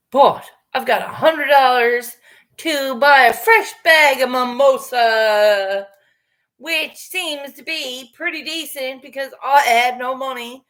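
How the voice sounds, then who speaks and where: A woman's voice: fairly high pitch, a bit bright. A woman casually chatting with her livestream viewers, rambling, swearing freely and laughing often.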